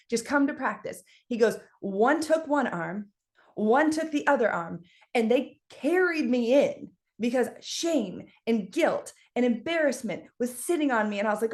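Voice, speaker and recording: A fairly high-voiced woman talks to her team in a lively motivational style. She moves fast between stories and asides, energetic and animated throughout. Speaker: team leader speaking on a team call. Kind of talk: casual motivational talk with storytelling.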